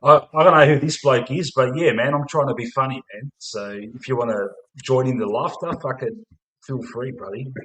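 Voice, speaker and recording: A man's voice: medium pitch, steady tone, a little fast, a bit bright, poor audio. Australian man hosting sweary footy chat. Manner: swears a lot, fillers, "mate" and "man". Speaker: host of a fan stream.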